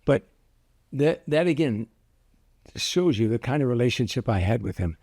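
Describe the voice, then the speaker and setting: An older man, a comedian guest, telling anecdotes in an interview with lively restarts. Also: mid-range voice, normal speed, no room sound, clean studio sound. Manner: anecdotal, animated with repeated restarts. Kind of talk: storytelling interview.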